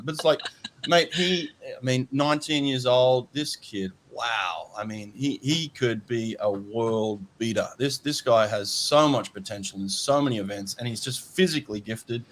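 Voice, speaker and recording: A man's voice: medium pitch, normal speed, fairly bright tone, a little hiss or hum. Rambling man, casual chat. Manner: rambling, repeats words, says "mate" often. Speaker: podcast host.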